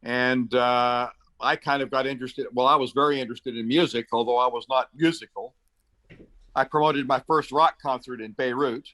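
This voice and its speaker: Speaking with a sharp, steady, mid-range voice, a Middle East-raised man in his seventies chats as an interview guest. He moves briskly through his anecdotes, uses lots of fillers, and acts out what people said.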